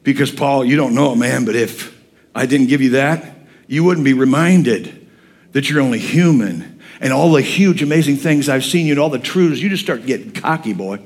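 God speaks as a blunt, fatherly man, calm and matter-of-fact, tossing in slang, as a preacher puts him on. The voice drops well below the speaker's usual pitch. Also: moderate pace, natural voice. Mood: firm, calm.

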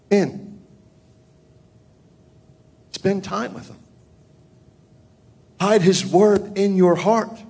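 A man preaching a sermon, his voice rising and falling widely as he builds his points. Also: breathy edge. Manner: preaching with big swings in pitch and volume. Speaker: pastor.

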